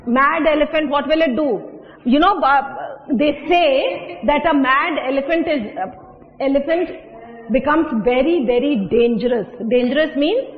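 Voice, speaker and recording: A woman's voice: high voice, moderate pace. A woman teacher with an Indian accent explaining English words to pupils, asking them questions and mixing in Hindi. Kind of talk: classroom English lesson. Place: classroom. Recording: dull echoey classroom recording.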